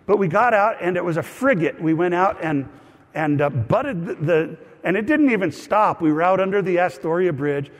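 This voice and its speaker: A man's voice: high voice, expressive, moderate pace, in a large hall. Man preaching with a story-telling manner. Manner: conversational storytelling with asides and self-deprecating humor. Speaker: pastor. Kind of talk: sermon with personal story.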